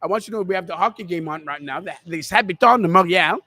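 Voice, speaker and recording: A chatty man with a high voice gives casual live football commentary for his podcast. He rambles and keeps calling his listeners kids. The sound is dry and close. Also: racing, sharp tone, no room sound. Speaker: podcast host. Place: restaurant.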